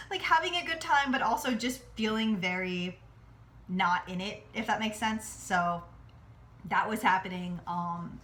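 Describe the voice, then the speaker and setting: A woman's voice: lowish voice, a bit bright, a little hiss or hum. A young woman from New Jersey chatting casually in a home vlog while cooking, rambling and self-deprecating with lots of "like". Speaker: vlogger. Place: home kitchen near a highway.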